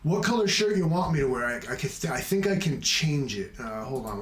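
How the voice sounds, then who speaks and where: A man's voice: mid-range voice, moderate pace, a crowd in the background. Guy rambling on his livestream, jokey and all over the place, kinda echoey room. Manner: wandering, jokey, self-mocking. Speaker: livestream host. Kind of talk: rambling casual livestream chat.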